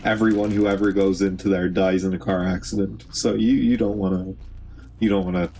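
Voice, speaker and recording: A man's voice: low-pitched, steady tone, brisk, dark tone, slight background noise. A man with an Irish accent hosting a livestream, chatting casually with viewers in a joking, teasing way and laughing often. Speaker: livestream host.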